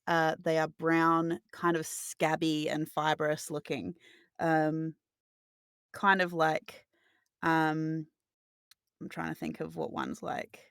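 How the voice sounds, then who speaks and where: A woman running a tabletop game, describing scenes at length with many pauses and filler sounds. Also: sits low, flat delivery, vocal fry, clean tone, no room sound, clean studio sound. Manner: detailed, meandering descriptions full of filler sounds. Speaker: game master.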